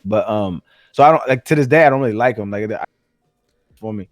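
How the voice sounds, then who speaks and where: A man's voice: on the low side, no room sound, studio quality, faint music behind. A man talking casually on a podcast, stumbling and restarting as he works through his thoughts. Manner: halting, restarts often, quotes himself with slangy asides. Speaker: podcast host. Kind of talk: casual chat.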